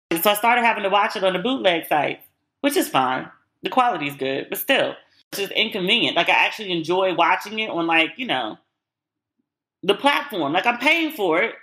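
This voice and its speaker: A woman hosts her own podcast and talks alone in a loose, casual way. Her voice is bright and forceful, and she sits at an ordinary middle pitch. She is candid and blunt, swears freely, and acts out quotes as she retells things. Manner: animated retelling with acted-out quotes. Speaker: podcast host. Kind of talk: casual solo chat.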